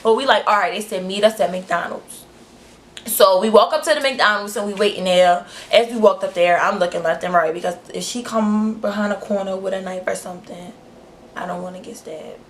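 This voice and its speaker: A young woman telling a storytime vlog, animated and profane, acting out quotes in high shrieks. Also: brisk, slight background noise. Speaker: vlogger.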